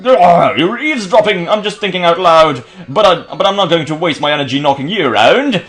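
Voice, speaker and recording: A man's voice: fairly high pitch, lively intonation, brisk, fairly bright tone, faint music behind. A man voicing a cocky male villain grunt in a put-on British-sounding accent, rude and brash. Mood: taunting.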